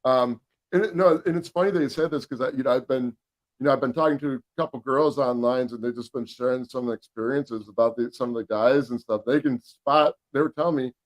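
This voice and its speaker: A man's voice: medium pitch, brisk. A man guest in a casual talk, speaking in a rambling way with many restarts. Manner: rambling, frequent restarts and fillers. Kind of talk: casual chat.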